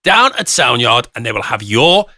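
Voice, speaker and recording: Upbeat male radio announcer, very bright. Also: mid-range voice, very animated, normal speed, no room sound, studio quality. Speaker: radio host. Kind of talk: on-air announcement.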